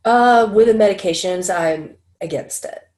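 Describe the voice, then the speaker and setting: A middle-aged woman speaking as an interview guest, telling stories animatedly and acting out quoted people in a higher voice. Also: measured pace, a little mellow. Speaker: interview guest, channel and medical intuitive. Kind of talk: casual interview talk.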